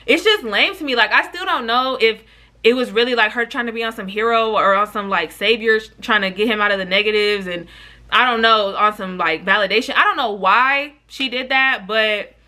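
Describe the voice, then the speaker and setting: A young woman telling a storytime vlog in a casual, animated, frank way, full of slang and cursing, speaking straight to her viewers. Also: a little high, fairly quick. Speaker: YouTuber.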